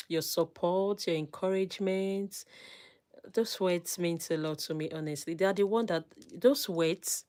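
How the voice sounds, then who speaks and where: A woman hosting a casual live stream, reading out viewer comments and thanking them with emotion. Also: lowish voice. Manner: reads out viewer comments and gives shout-outs.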